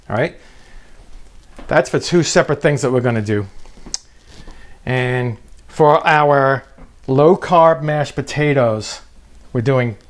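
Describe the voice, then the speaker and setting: A man hosting a comedic cooking demonstration in a kitchen, joking and teasing his viewers as he goes. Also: fairly high pitch. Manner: wisecracking, teasing asides to viewers. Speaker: cooking show host.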